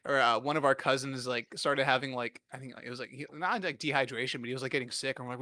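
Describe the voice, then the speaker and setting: A man's voice: medium pitch, quick pace, few pauses, pushed and bright, no echo. A man in his twenties hosting a podcast, telling rambling, profane, self-deprecating stories in a casual comedic way. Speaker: podcast host.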